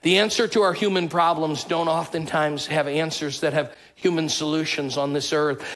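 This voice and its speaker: A man's voice: on the high side, a bit bright, rough recording. A male pastor preaching a conversational sermon and calling out to his congregation.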